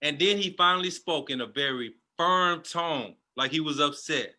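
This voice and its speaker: A man's voice: a little high, normal speed, bright, forceful tone. A man telling a passionate personal testimony as a guest, in a storytelling manner.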